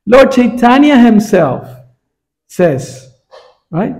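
A man's voice: a little high, lively intonation, measured pace, creaky, long pauses, darkish tone. A man teaching a scripture class in a temple, in a conversational way that keeps checking in with his listeners. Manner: frequent "right?" check-ins with listeners.

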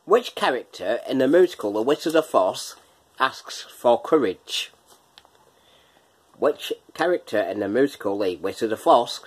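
Man, husky, casual quiz host, chatty, laughs a lot, hums and sings snatches. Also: medium pitch, lively intonation, measured pace. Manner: chatty, laughs often, breaks into snatches of song. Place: home kitchen.

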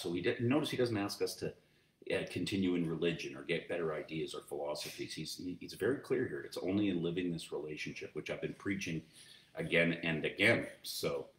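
Really deep guy giving a sermon, mic far off, roomy church sound. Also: fairly bright tone. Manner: conversational teaching with many fillers and restarts. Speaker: pastor. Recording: roomy echo, distant mic, faint noise.

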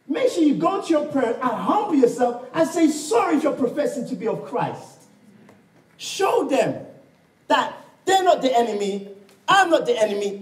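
A male preacher with a high, swooping voice tells his testimony as a story, playing out each voice as he goes. He calls out to the congregation for amens. He sounds roomy and echoey, picked up from a distance in a church hall. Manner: storytelling, acting out quoted dialogue and calling for amens. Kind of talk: sermon with personal testimony. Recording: echoey room, mic far off.

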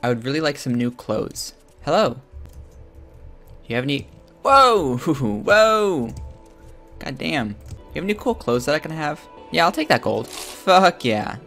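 A man giving crude, joking commentary while playing a video game, with loud excited outbursts. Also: medium pitch, normal speed, gravelly, soft background music. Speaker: gamer streaming his own play. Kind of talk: profane let's-play commentary.

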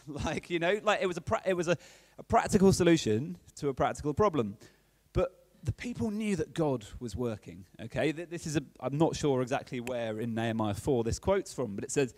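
Animated preacher, lively pitch. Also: male voice, brisk, dry recording. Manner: chatty and playful, keeps checking in with the audience. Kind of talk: sermon.

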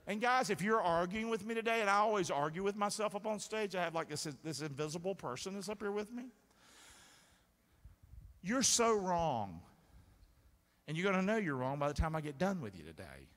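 Male pastor, high and lively voice, call-and-response preaching, echoing sanctuary. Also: fast, hardly any pauses. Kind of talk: sermon. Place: church sanctuary. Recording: reverberant sanctuary sound.

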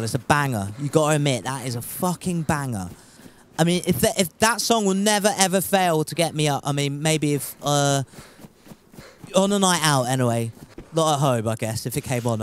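A man's voice: a little high, slight background noise. Rambling, jokey male game streamer. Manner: rambling, jokey, swears casually. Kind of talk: casual live-stream gaming commentary.

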